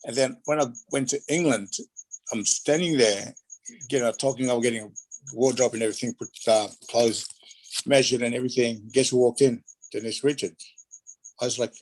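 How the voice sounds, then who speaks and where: A man spins loose, rambling stories in a relaxed interview, doubling back and filling gaps with asides. His pitch sits in an ordinary middle range. The telling stays animated throughout. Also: normal speed, low-quality recording. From Australia. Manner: rambling, animated, lots of fillers. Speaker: guest, retired wrestler. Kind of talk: casual storytelling interview.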